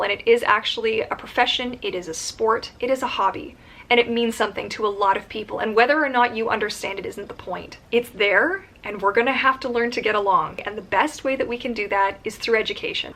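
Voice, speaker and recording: Earnest, emphatic woman with a high voice. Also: sharp tone. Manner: earnest and emphatic, openly angry; lists points in rapid runs. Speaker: professional mermaid vlogger. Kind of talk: direct-to-camera vlog.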